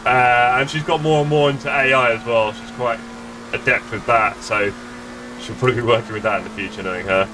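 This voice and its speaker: A man's voice: medium pitch, steady tone, a little fast, background noise. A middle-aged man live-streaming sim racing from home, chatting casually with his viewers in a rambling, self-mocking way. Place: home gaming room. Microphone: desk streaming mic.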